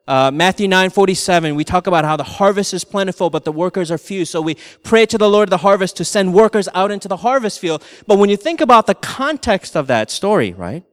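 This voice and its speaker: A middle-aged male pastor telling a family story in a sermon, animated and laughing through his anecdotes. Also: sits high, smooth, big-room sound.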